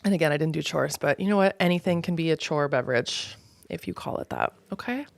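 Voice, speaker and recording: A young Canadian woman with a fairly low voice talks straight into a dry, close mic, heard with no room sound. She hosts her own show as a solo, rambling monologue. Her talk is loose, unfiltered and full of swearing and fillers. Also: quick pace, vocal fry, no echo. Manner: unfiltered, profane and ranting; casual, rambling with many fillers. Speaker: podcast host.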